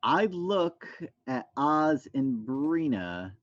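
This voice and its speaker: A man plays in a tabletop session, speaking slowly with a lively, rising and falling voice. His sound comes through dull and lo-fi. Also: mid-range voice. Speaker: player. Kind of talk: casual tabletop play.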